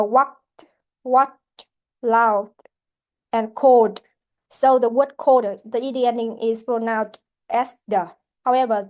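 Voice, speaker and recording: Halting woman English teacher. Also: on the high side, a little mellow. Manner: halting, with frequent restarts. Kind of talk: classroom answer-key walkthrough.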